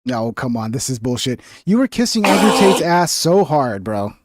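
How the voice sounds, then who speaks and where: A man's voice: mid-range voice, very animated, normal speed. A man hosting a stream, giving blunt, profane reaction commentary in a ranting way. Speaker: streamer host.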